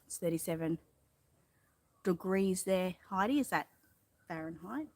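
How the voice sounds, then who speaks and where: Woman, Australian accent, slightly lower pitch, relaxed live-stream chat, greets viewers, outdoors, phone mic a little way off. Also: unhurried, no echo. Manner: chatty and relaxed, greeting viewers by name, sprinkling in mild swearing. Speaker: livestream host. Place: outdoors in a backyard. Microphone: phone propped on a ladder a little way off.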